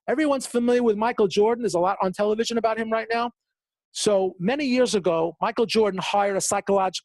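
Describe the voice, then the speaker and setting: A man giving a motivational webinar talk, who acts out the quotes in his stories with big jumps in voice and repeats words for emphasis. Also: no echo. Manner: animated storytelling, acting out quotes with big pitch jumps. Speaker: motivational speaker.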